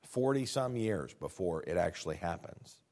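Animated and at a moderate pace, a Midwestern pastor reads scripture aloud and interprets it in his sermon, moving between hushed asides and loud, high-pitched peaks.

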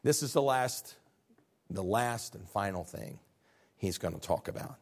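An older man preaching a sermon, rising to loud high peaks and dropping low and quiet, often restarting phrases and asking his listeners questions. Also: lively intonation, a little slow, creaky. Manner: stumbling restarts, asks the congregation questions. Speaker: pastor.

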